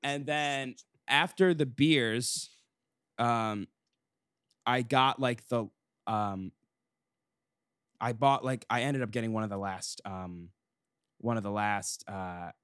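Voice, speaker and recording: A man's voice: medium pitch, takes it slowly, pauses often, a bit bright, clear, resonant tone, no echo, studio quality. A young man telling a long story in casual podcast chat, full of fillers and restarts. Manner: rambling with many fillers and restarts. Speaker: podcast co-host.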